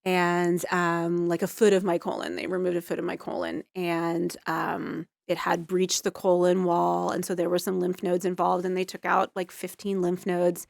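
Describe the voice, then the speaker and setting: A woman in her forties, an interview guest, telling her story in a loose, rambling, animated way. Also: fairly low pitch, moderate pace, vocal fry, hardly any pauses, dry recording, studio quality. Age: 40s. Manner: rambling, full of "like" and restarts, animated.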